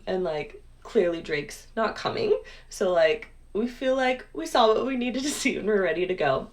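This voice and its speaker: A young woman casually telling a story, chatty, full of "like" and "um". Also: lowish voice. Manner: chatty, lots of "like" and "um". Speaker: clip guest telling a story.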